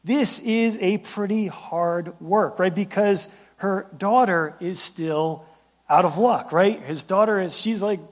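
A man's voice: sits high, takes it slowly. A man preaching a sermon as pastor, talking conversationally, often checking in with "right?" and repeating words as he starts sentences. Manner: conversational preaching with frequent "right?" tag questions.

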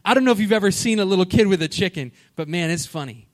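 A man preaching a sermon, telling a story with animated delivery and questions to the congregation. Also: sits high, fast. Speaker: pastor.

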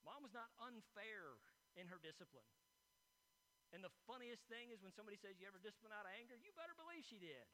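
Guy preaching, high bright voice, lots of restarts and repeats, faint hum behind. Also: big pitch swings, fast, poor audio. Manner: storytelling with repeated words and rising emphasis. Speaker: pastor. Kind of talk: sermon.

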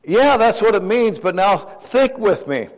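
A man's voice: sits high, animated, measured pace. An older man preaching a sermon in a conversational way, asking his listeners questions and chuckling often. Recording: long hall reverb.

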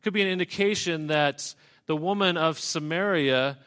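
A man delivering a sermon in an easy, conversational way. His voice sits a little higher than most men's. He reads a scripture passage line by line and stops often to explain it in his own words. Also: moderate pace, fairly bright tone. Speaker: preacher. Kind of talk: expository sermon.

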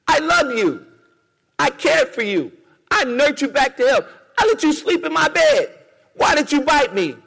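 A man's voice: extremely high pitch, sing-song, normal speed, gravelly, fairly bright tone, in a large hall, pitched above the performer's own voice, exaggerated voice. A preacher acting out a hurt, bewildered man pleading with the snake he cared for.

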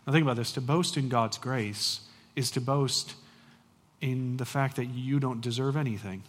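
A man in his forties preaching a sermon as pastor, emphatic and animated with casual conversational asides. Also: mid-range voice, normal speed, long reverb tail.

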